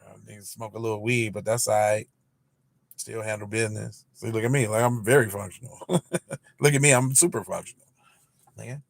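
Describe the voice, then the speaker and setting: Gravelly man teasing on a livestream. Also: on the low side, a little fast, pauses often, no room sound. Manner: animated, teasing, slangy, lots of fillers. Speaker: podcast host. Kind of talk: early-morning livestream chat.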